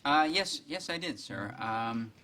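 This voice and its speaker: A man's voice: medium pitch, expressive, a little slow, sharp tone. An actor playing an awkward young male boss who hesitates and stammers earnestly, in a sitcom. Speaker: news director boss. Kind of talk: sitcom acting.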